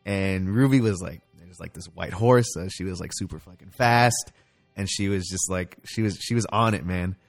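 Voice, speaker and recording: A man's voice: low-pitched, normal speed, vocal fry, faint music behind. A man in casual chat, telling stories animatedly and swearing freely. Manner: animated storytelling, heavy swearing.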